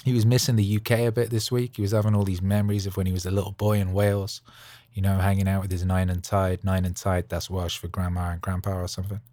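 A man hosting a podcast, rambling casually in an animated, jokey way full of slang. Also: sits low, fast, no room sound. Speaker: podcast host. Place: Los Angeles studio.

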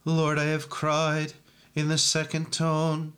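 Guy chanting psalms at a church service, kinda high voice, dead flat monotone intoning. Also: slow pace. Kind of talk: liturgical psalm reading and chant.

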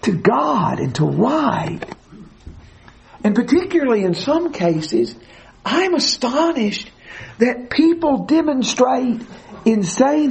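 A man's voice: very high voice, gravelly, darkish tone, low-quality recording. A man teaching verse by verse through a psalm, stressing and repeating key phrases emphatically. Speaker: preacher.

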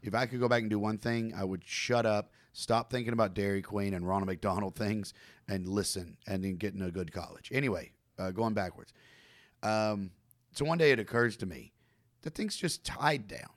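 A man's voice: fairly low pitch, moderate pace. A man in casual conversation, telling a story about himself with self-mocking humor. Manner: self-mocking, laughs through his own stories.

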